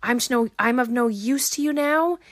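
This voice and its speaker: A woman quoting a troubled young woman's lines in a raised pitch while retelling a film. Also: moderate pace, lightly acted. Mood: accusing.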